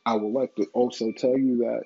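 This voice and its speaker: Male commentator, mellow and a bit raspy, swearing freely while speaking his mind, on a dull lo-fi mic. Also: medium pitch, level tone, a little fast. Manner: blunt, profane, opinionated. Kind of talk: casual opinion commentary.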